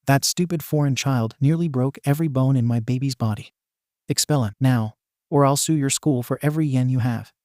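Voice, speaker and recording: A man's voice: mid-range voice, brisk, warm tone, no room sound, studio quality, natural voice. A man voicing an arrogant, spoiled rich woman who rants with contempt. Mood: ranting. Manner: ranting, contemptuous.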